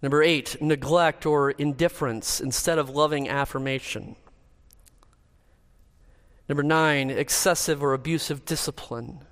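A man preaching a sermon in a church, earnest and measured as he works through a numbered list. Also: on the high side, fairly even intonation, a bit bright, big-room sound. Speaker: pastor.

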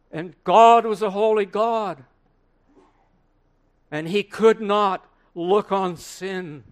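A man plays an aged, earnest apostle recalling the crucifixion in a first-person sermon monologue, delivered as a preacher in character to a room of listeners. His fairly high voice moves slowly, with long dramatic pauses and swelling emphasis.

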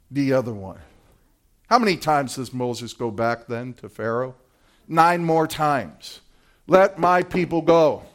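A man preaching a sermon as pastor, retelling scripture in a dramatic way and acting out the voices of its people. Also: mid-range voice. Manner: dramatic, acts out biblical voices.

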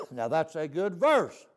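A man's voice: a little high, vocal fry. A male preacher delivering a folksy sermon, often asking "See?".

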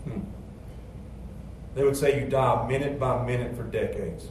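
A man preaching a sermon, moving between quiet, low storytelling and loud, emphatic passages. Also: steady tone, a little slow, slight background noise. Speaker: pastor. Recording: echoey church sound from a distance.

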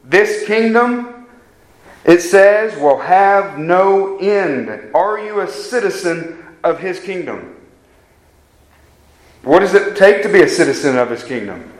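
A pastor preaches with earnest emphasis, often putting questions straight to his congregation. His voice sits a bit high for a man. The sound carries a roomy echo, as if caught in a church hall. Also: lively intonation, takes it slowly, long pauses. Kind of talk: sermon. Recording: echoey church room.

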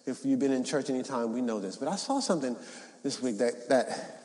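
A male pastor delivering a sermon, reading scripture aloud and rising into shouted emphasis. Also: medium pitch, lively intonation, fairly quick, reverberant, long reverb tail. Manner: preaching, rises to shouts, reads scripture. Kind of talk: Easter sermon. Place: church sanctuary.

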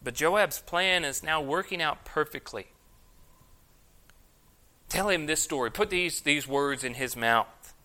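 A man's voice: a little high, takes it slowly, pauses often, bright, forceful tone. A man preaching an expository sermon, reading scripture aloud with emphasis and then explaining it. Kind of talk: sermon, expository Bible teaching.

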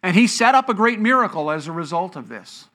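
A pastor preaching to a congregation with a bright, forceful voice. The delivery is built on rhetorical questions that the speaker answers, with key words drawn out for weight. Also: mid-range voice, animated, fairly quick. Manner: stretches out key words for emphasis. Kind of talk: sermon teaching. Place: church before a congregation.

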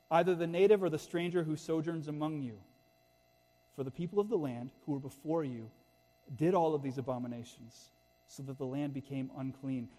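A middle-aged man delivers a sermon in a church sanctuary. He speaks with earnest urgency and presses his listeners with pointed rhetorical questions. His voice sits a little high and rings out with a long hall reverb. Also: warm tone. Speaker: pastor.

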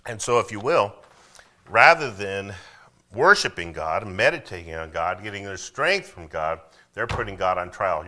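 A man's voice: fairly low pitch, sing-song, moderate pace, sharp tone. A man preaching a sermon as pastor, conversational, often checking in with "okay?". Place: church.

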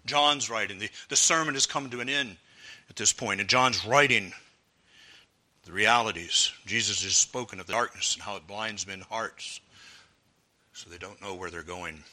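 A male preacher with a very bright, forceful voice delivers a sermon. He swings from loud, ringing exclamations to hushed, low-voiced stretches. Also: normal speed.

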